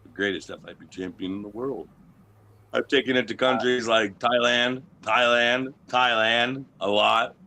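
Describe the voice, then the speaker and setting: A man's voice: mid-range voice, steady tone, a little slow, pushed and bright, slight background noise. A man being interviewed as a wrestling champion, talking in a brash, boastful, profane way and telling stories casually.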